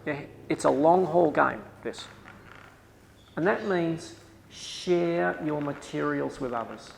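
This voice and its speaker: A man's voice: fairly high pitch, slow pace, vocal fry, big-room sound, a little hiss or hum, low-quality recording. A man with an Australian accent giving a workshop lecture to staff, emphatic and repeating his key advice.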